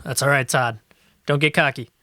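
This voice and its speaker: A man's voice: mid-range voice, fairly even intonation, moderate pace, sharp tone, no echo. A man playing a tabletop game, laid-back and joking with his group. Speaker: player. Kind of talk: casual game chat.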